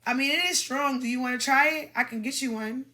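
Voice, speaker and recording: A woman voicing a man at a bar who offers to buy a drink, in a smooth, accommodating manner. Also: sits high, fairly quick, pushed and bright. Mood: obliging.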